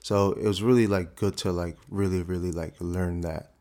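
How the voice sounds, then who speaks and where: A young man in his twenties, a guest actor, telling his story in a relaxed, casual way with lots of fillers. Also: sits low, moderate pace. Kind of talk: casual interview conversation.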